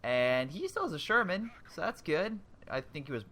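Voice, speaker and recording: A young man giving casual commentary over a strategy game replay, excitable and rambling, breaking off into exclamations. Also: a little high, moderate pace.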